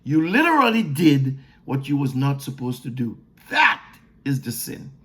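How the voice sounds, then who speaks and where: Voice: mid-range voice, sing-song, unhurried, fairly bright tone, slightly rough. A preacher giving a sermon teaching, emphatic, repeating words for stress and posing questions only to answer them.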